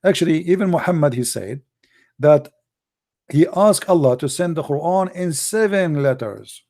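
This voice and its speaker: A man with an Arabic accent, a native Arabic speaker from the Middle East, hosting a live debate show in a mocking, emphatic and forceful way. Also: fairly high pitch, animated, moderate pace. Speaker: apologetics show host.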